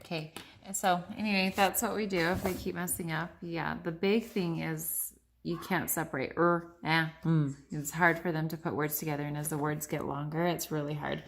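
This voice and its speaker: A woman's voice: sits low, fairly even intonation, brisk, creaky. A woman in her thirties, a mother, patiently teaching her young child to read at home and chatting to the camera between words. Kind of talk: casual home video vlog. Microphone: phone. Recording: faint background noise, home phone recording.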